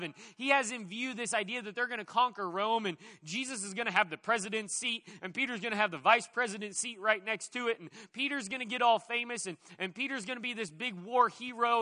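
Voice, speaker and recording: Male preacher, high and bright, conversational and animated with playful asides. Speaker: pastor. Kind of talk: sermon.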